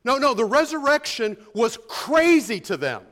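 High-voiced man preaching a conversational sermon. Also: big pitch swings, normal speed, fairly bright tone. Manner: conversational and emphatic, with rhetorical questions. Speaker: pastor. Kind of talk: expository sermon.

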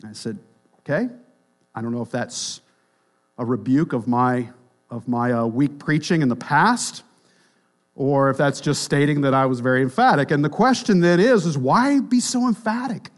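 A pastor preaching a sermon in a church, emphatic, swinging between loud declarations and quiet, dropped phrases. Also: male voice, normal speed. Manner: emphatic, rises and drops sharply in pitch and volume.

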